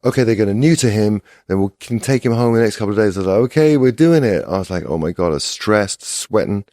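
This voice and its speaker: A man's voice: fairly low pitch, lively intonation, fast talker, warm tone, no room sound, studio quality. A middle-aged man who is a guest on a podcast, telling a rambling, casual story full of restarts. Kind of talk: casual chat.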